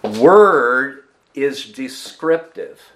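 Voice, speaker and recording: Against slight background noise, a pastor preaches an expository sermon in a mid-range, fairly bright voice with lively intonation. He moves slowly and deliberately, answering his own questions to the congregation and pausing for emphasis on key words.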